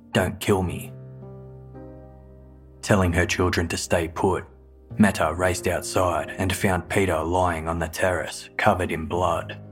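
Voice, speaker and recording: A man giving measured, scripted true-crime narration. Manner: low, flat, measured delivery. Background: faint music.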